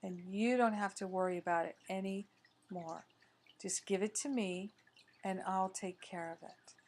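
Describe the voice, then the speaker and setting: Woman doing a gentle husband voice, slow and soothing, telling his wife he'll handle it. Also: mid-range voice, lightly acted. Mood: reassuring. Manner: tender, reassuring. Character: loving husband standing in for God, adult man.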